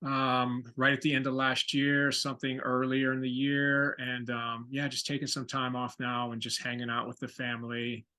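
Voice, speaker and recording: A man's voice: medium pitch, monotone, normal speed, hardly any pauses, bright, forceful tone. A man being interviewed as a guest over a video call, speaking in a laid-back way with short agreeing replies. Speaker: guest actor. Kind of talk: casual interview.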